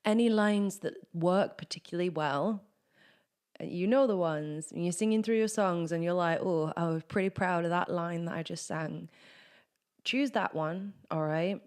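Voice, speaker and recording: A woman's voice: lowish voice, a little mellow, smooth. A woman teaching singing, chatting through technique and breaking into sung exercises. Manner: chatty, explains then sings vocal exercises. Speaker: vocal coach. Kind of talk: singing lesson with demonstrations.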